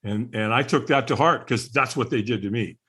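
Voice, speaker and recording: A man's voice: medium pitch, brisk, bright, forceful tone, breathy edge. A middle-aged man, a podcast guest, candidly telling his personal story in conversation, earnest and chuckling now and then.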